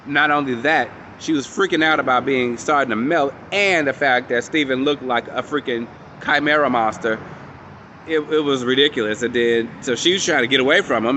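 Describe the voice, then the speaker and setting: A man casually recapping and reviewing a show episode, animated and storytelling, acting out characters' lines and swearing freely. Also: mid-range voice, normal speed, a little hiss or hum.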